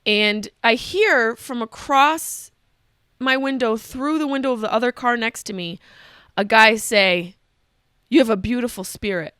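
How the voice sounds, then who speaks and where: Woman host, higher-pitched, crisp and bright, comic storyteller who interrupts herself. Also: measured pace, dry recording, studio quality. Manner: profane, animated, self-interrupting. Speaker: podcast host. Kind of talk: comedic storytelling monologue.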